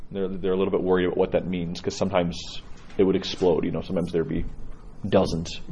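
A male priest telling stories to his congregation in an informal sermon, lively and often restarting his sentences. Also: sits low, quick pace, slight background noise. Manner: lively storyteller with frequent restarts. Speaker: Orthodox priest.

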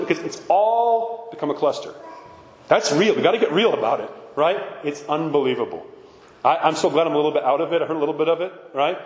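A male priest preaching a blunt, animated sermon with mocking asides. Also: on the high side, a little hiss or hum. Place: church. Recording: echoey hall from far off.

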